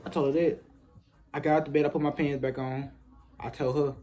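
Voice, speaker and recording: A man's voice: mid-range voice, fairly even intonation, fast, warm tone, dull audio. A young man in his twenties telling a casual, rambling story full of repetition and profane slang.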